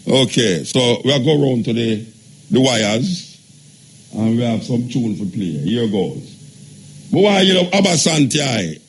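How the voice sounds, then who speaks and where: A man's voice: mid-range voice, big pitch swings, measured pace, slightly rough. A man hosting a radio show. He talks in a loose, rambling way and repeats himself. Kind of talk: talk radio chat.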